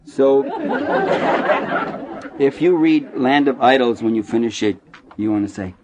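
A man giving a talk about his book in a bookstore, an animated storyteller who jokes, acts out quoted voices and restarts his sentences. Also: mid-range voice, moderate pace, long pauses, a faint crowd.

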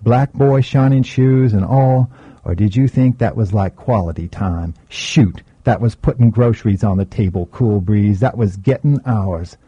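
A graying streetwise older man, voiced by a male reader, with a low, dark voice and a husky edge. He talks in a laid-back drawl, easygoing and teasing, and the audio sounds dull and lo-fi. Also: a little slow, no room sound. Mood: wry.

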